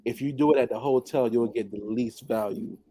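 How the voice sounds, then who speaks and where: A man telling a personal story on a podcast in a casual, animated way, laughing often and mimicking others. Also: medium pitch, brisk, a little hiss or hum. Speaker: podcast guest.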